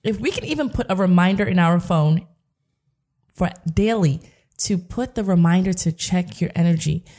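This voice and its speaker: A woman's voice: fairly low pitch, lively intonation, moderate pace, dark tone. Chatty upbeat woman podcast host. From Brooklyn, New York. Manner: chatty, upbeat storytelling with many fillers. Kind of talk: casual podcast chat.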